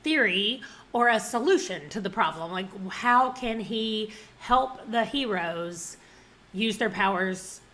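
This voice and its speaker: Bright-voiced Southern woman reviewing books. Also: medium pitch, slow. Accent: Southern American. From Southern United States. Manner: chatty, laughs often, animated asides. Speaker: book vlogger. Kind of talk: casual book review chat.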